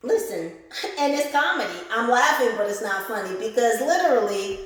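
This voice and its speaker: Woman, tarot reader, animated, laughing, swearing, very echoey room. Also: fairly high pitch, normal speed, slight background noise. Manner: animated and laughing, swears freely, addresses viewers as collective. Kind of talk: casual spiritual reading.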